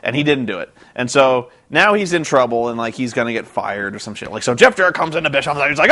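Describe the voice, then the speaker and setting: A man's voice: mid-range voice, animated, quick pace, hardly any pauses, pushed and bright. A young man vlogging about a wrestling show, exasperated and sarcastic, rambling with restarts. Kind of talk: casual ranting commentary.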